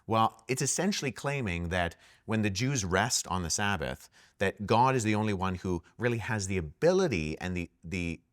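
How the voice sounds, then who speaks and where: A man's voice: fairly low pitch, expressive, normal speed, hardly any pauses, dry recording, clean studio sound. A man co-hosting a casual theological discussion, earnestly explaining points and building them into lists. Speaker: apologetics ministry co-host.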